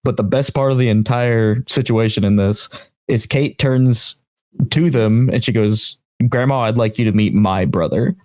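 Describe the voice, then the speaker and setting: A man with a lowish voice co-hosts a casual podcast. He talks in a relaxed way and murmurs along, on a dry recording. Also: normal speed, dry recording. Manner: relaxed, many listening murmurs. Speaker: podcast co-host. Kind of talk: casual chat.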